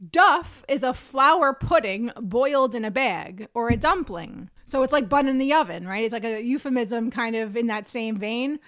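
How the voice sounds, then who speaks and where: A high-pitched woman from Scotland co-hosts a casual podcast. She explains slang and reads quoted passages with playful emphasis. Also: normal speed, hardly any pauses, a bit bright. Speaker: podcast co-host. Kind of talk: casual chat.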